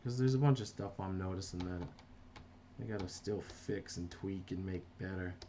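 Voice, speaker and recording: This is a middle-aged man from New Jersey, an animator talking loosely on a live stream while working, reading chat out loud and breaking off mid-thought. He speaks at normal speed in a low, warm voice. There's a little hiss or hum on the audio.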